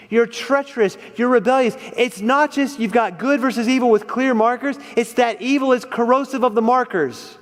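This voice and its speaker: A man preaches in a high register, leaning hard into key words and then falling quiet. The sermon rings out with long reverb, as in a church hall. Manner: expressive, rises and drops in volume for emphasis.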